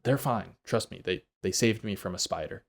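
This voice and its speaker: A man voicing a brisk, practical woman who guides a caravan, talking in a dry, matter-of-fact way. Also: deep voice, vocal fry.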